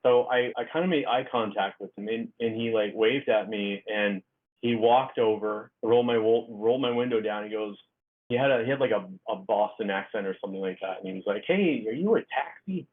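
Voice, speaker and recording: A middle-aged man with a rather low voice tells a story in a halting way, full of "um" and "like" and restarts. His voice comes through a thin, tinny, phone-like line, as if over a video call. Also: steady tone. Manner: halting, filler-heavy storytelling. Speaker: guest author. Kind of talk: casual storytelling interview.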